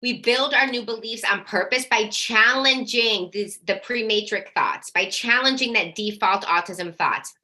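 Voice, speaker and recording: Woman coach, energetic and direct, bright forceful voice, fairly high. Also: a little slow, hardly any pauses. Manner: energetic, direct, casual swearing; acts out parents' worried questions. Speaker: autism parent coach. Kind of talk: live workshop teaching.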